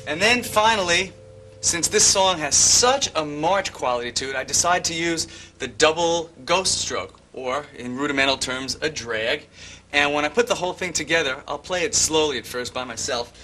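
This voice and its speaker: An older male drum teacher with a bright, forward voice walks through a beat piece by piece. His tone is methodical, and faint room ambience sits behind him. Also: normal speed, a little hiss or hum. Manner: methodical, hums bass lines as syllables. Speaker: drum instructor. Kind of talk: instructional explanation with count-ins.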